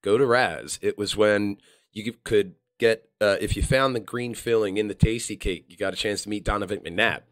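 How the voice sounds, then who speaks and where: This Philadelphia-area man hosts a podcast, spinning stories in casual talk and performing quotes with changing voices. He speaks at an ordinary pace in a voice on the lower side.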